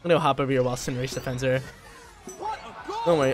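A young man, a college student, giving live gameplay commentary in a slangy, excitable way that bursts into loud hype. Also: medium pitch, racing. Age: young adult. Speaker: gaming video creator.

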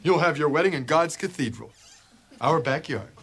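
An actor playing a sardonic middle-aged sitcom husband who mocks the people around him. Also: male voice, a little high, lively intonation, normal speed, fairly bright tone, slightly rough, heavily acted. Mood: mocking. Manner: mocking, wisecracking. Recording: old TV audio, hiss, studio audience laughter.

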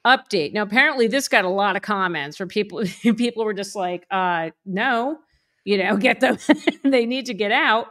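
A woman co-hosting a podcast, reading a forum post aloud in a playful way and dropping in quick comments between lines. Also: mid-range voice, fairly bright tone. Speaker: podcast co-host.

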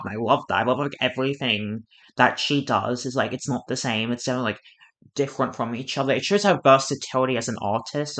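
A woman hosting a reaction video, talking casually with lots of swearing, fillers and restarts. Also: a bass voice. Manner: excitable, swears a lot, many fillers and restarts.

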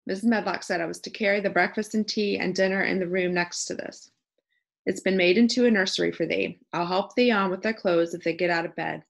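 A woman's voice: lowish voice, fairly even intonation, brisk, creaky. A woman voicing a cheerful, plain-spoken young housemaid with a broad Yorkshire accent in an audiobook. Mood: stout. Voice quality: homely dialect, stout and plain-spoken. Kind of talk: audiobook character voice.

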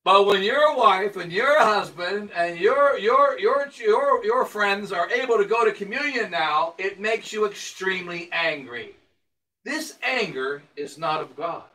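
High bright-voiced priest preaching from afar. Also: male voice, expressive, a little slow. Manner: emphatic preaching with rhetorical questions and repetition. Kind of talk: sermon. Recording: voice picked up from a distance.

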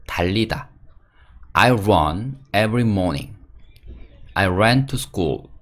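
A man teaching English vocabulary, reading each word, its meaning and example sentences in a steady drill. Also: low-pitched.

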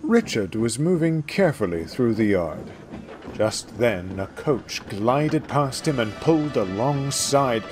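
A man narrating a storybook tale with expressive delivery, slowing for suspense. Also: mid-range voice. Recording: music playing underneath.

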